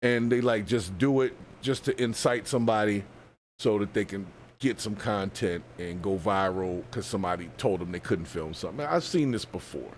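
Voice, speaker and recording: A man's voice: fairly low pitch, normal speed, slight background noise. A man hosting a live stream, giving wry, chatty commentary as he reacts to a video clip.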